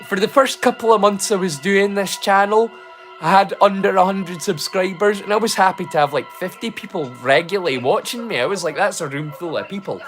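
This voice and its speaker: A Scottish livestream host, clearly drunk, rambles on, swearing casually and putting himself down. His voice sits high with a fairly bright tone and a slightly fast pace, with faint music behind.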